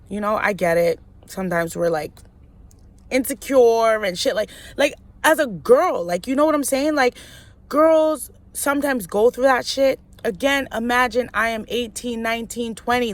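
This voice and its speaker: A woman's voice: a little high, normal speed. A woman in her twenties telling a personal story in a casual vlog. She talks bluntly with lots of slang and swearing, and acts out both sides of a phone fight. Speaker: vlogger.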